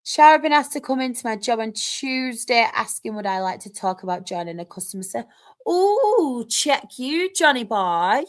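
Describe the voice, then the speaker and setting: A young Northern English woman hosting a live stream, chatting casually and reading out comments, excitable with quick laughs. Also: on the high side, clear, resonant tone.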